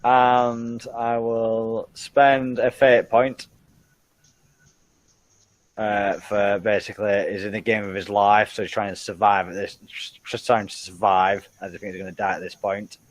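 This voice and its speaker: A man playing a tabletop game, describing his character's action quickly and eagerly. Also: on the low side, level tone, no echo, rough recording. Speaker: player. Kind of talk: casual tabletop play.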